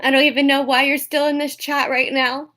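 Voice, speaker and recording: High-voiced teasing woman streamer. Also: level tone, fairly quick, pushed and bright. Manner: teasing, mocking, often laughing. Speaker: live streamer. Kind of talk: casual livestream chat.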